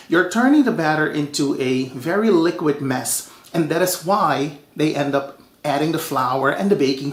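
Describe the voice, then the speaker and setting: A man from Suriname hosting a home cooking show, telling stories in a lively, chatty way. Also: on the high side, reverberant. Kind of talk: casual cooking show talk.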